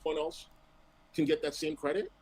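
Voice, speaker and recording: A man's voice: fairly high pitch, very animated, brisk, vocal fry, a little mellow, slightly rough, low-quality recording. A man in a played stream clip, ranting defensively about being wronged, with heavy swearing. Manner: aggrieved, defensive, profane.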